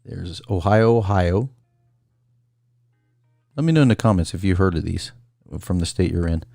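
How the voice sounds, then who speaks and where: A man's voice: low voice, normal speed, vocal fry, mellow, no echo, clean studio sound, soft background music. A man hosting a casual call-in livestream, rambling through a list and greeting viewers by name. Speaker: call-in show host.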